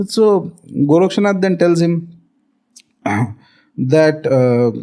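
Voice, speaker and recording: A man with an Indian accent, a spiritual teacher, explains ideas and tells a story in conversation, frequently checking in with "okay". His voice sits high and is expressive and mellow, at a moderate pace.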